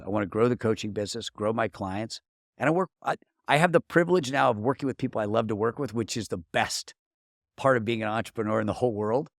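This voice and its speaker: A middle-aged man, a marketing coach appearing as a podcast guest, speaks at a fairly low pitch in a clean, echo-free studio recording. He tells personal stories earnestly and casually, restarting often, in the manner of a relaxed interview.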